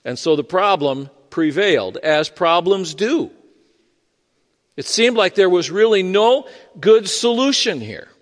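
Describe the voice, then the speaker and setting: A male pastor delivers his sermon in a high, lively voice that swings freely up and down as he tells the story. He talks in a chatty way, full of asides and restarts, and his voice carries the long reverb of a large church hall. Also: unhurried. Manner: conversational and storytelling, with frequent fillers and restarts.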